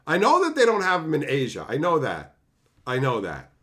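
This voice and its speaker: A man ranting at chat, pitch leaping high. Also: huge pitch swings, moderate pace, fairly bright tone. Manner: profane, exasperated ranting at chat. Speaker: streamer reading chat. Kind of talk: casual live-stream chat.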